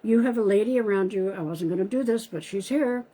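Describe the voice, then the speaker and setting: Woman psychic on a live stream, husky, mellow, chatty, calls viewers by name. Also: medium pitch, brisk, rough recording. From Canada. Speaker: psychic medium. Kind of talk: live-stream card reading. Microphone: live-stream device mic.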